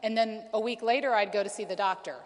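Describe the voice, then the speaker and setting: At a conference, a fast-talking speaker in her forties shares a heartfelt personal testimony, often saying um and restarting. Her mid-range voice keeps a fairly even intonation, and the hall around her is reverberant.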